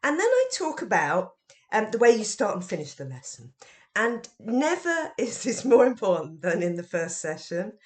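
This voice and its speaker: A middle-aged woman, talking about how teachers should handle their first meeting with a class in an expressive, question-led way. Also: medium pitch, normal speed. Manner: lively and expressive, with emphatic questions. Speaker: teacher trainer and author. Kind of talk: educational podcast talk.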